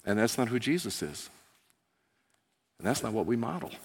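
A man preaching a sermon as pastor, telling the story in an animated way and acting out the characters. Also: moderate pace, husky. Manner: animated storytelling, voicing characters with rising pitch and volume. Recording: long hall reverb.

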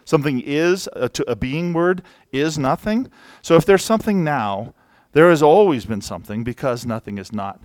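A man's voice: a little high, expressive, normal speed, darkish tone, no room sound. A man giving a sermon in a church in a casual, conversational way with joking asides, speaking into a mic. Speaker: preacher. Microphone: handheld or worn mic.

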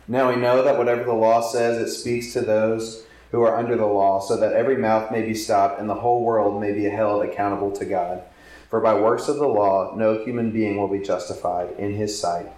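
A man's voice: on the low side, steady tone, normal speed, darkish tone. A man preaching and teaching, earnest, asking his listeners questions as he explains a passage. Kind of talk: sermon. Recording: echoey hall.

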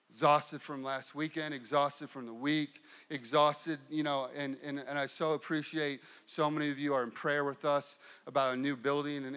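A middle-aged male pastor delivering a sermon, building intensity through repeated phrases and slowing down for emphasis. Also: mid-range voice, sharp tone. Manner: preaching with rising and falling intensity, repetitive emphasis.

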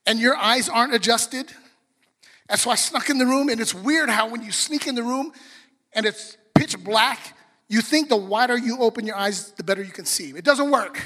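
Bright-voiced preacher man in a reverberant hall. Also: very high voice, normal speed. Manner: storytelling, animated, addresses the congregation. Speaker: pastor. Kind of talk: sermon.

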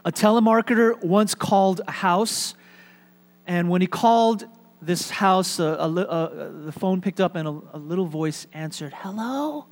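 A man preaching a sermon in an easy, conversational manner, his voice sitting a touch higher than most men's. He drops in fillers and light humor as he talks. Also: steady tone, moderate pace. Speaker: pastor.

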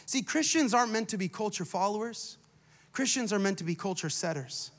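A man in his thirties, a pastor, preaching a sermon and telling a family story, swinging between loud preaching and quiet asides. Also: high-pitched, animated, brisk, big-room sound. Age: 30s. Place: church.

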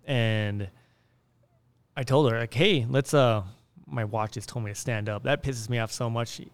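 A man's voice: mid-range voice, steady tone, moderate pace, clean tone, no room sound. A man hosting a casual podcast, rambling and upbeat as he tells stories into a close mic. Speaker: podcast host.

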